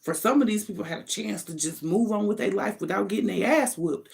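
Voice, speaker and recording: A woman's voice: medium pitch, brisk, creaky, hardly any pauses, a little mellow. Woman, card reader, casual spiritual monologue; blunt, profane, sassy delivery. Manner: thinks aloud between short bursts.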